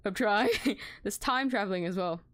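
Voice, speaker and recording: A woman's voice: medium pitch, a little hiss or hum. A young Australian woman chatting and giggling through a game playthrough, reading the characters' lines aloud. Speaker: streamer.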